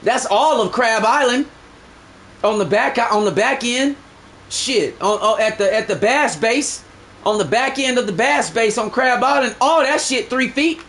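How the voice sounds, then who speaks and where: High-voiced boastful streamer talking to chat. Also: male voice, unhurried, fairly bright tone, slight background noise, poor audio. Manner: boastful, profane slang, talks to chat. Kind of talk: live gameplay commentary.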